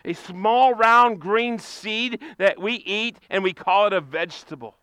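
A man preaching a sermon with passion, using repeated phrases and sudden shouted bursts. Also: high-pitched, unhurried, clear, resonant tone, no echo, poor audio. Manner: impassioned preaching, repetitive cadences, bursts of shouting. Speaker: pastor.

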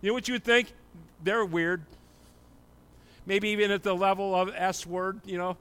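A man preaching a sermon as a pastor, moving between quiet prayer and loud, excited preaching. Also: sits high, moderate pace, smooth. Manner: swings from hushed prayer to shouted, excited preaching.

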